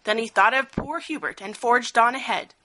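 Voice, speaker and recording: A woman reading a rhyming picture-book story aloud, expressive, with a sing-song rhythm. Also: a little high, moderate pace, slight background noise, rough recording.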